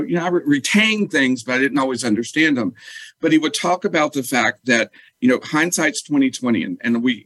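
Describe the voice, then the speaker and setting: A man tells a personal story as an interview guest, starting and restarting his sentences. His voice sits at a middling pitch. The sound is close and dry, with no room around it. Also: fairly bright tone, no room sound, rough recording. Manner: earnest, halting, with many restarts.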